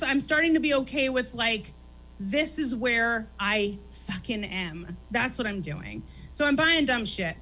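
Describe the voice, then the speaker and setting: Brief: woman talk-show host, high and lively, swearing, animated stage rant. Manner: animated, profane, rapid-fire ranting. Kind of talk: stand-up style chat on stage. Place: comedy theater stage.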